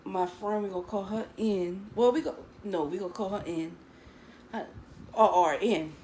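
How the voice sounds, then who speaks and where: A woman's voice: medium pitch, normal speed, warm tone, a little hiss or hum, low-quality recording. A woman telling a story from her school days to her viewers in a chatty, dramatic way, calling them girl and baby. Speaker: storytime vlogger.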